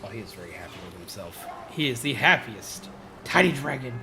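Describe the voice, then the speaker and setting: Excitable man streaming a game. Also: medium pitch, fairly quick, gravelly, background noise. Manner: excitable, goofy, talks to his pet bird. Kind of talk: casual livestream chat. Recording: game music playing under the voice.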